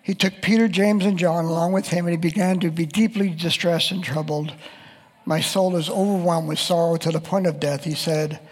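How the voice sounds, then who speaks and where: Preacher, male, high pitched and husky, reading scripture in an echoing hall. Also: fairly even intonation, moderate pace. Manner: reads scripture aloud and quotes voices of the text. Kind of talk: sermon.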